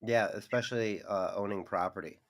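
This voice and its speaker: A man's voice: fairly low pitch, fairly quick. A man co-hosting a casual chat, laughing often and going off on tangents.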